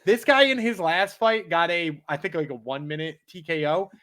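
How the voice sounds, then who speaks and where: Relaxed man breaking down fights casually. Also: a little high, moderate pace. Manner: relaxed, rambling with many uh fillers. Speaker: podcast co-host. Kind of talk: casual analysis chat.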